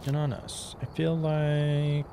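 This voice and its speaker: A man's voice: on the high side, flat delivery, takes it slowly, noisy background. A man giving casual commentary while streaming a game, chatty and thinking aloud with frequent fillers.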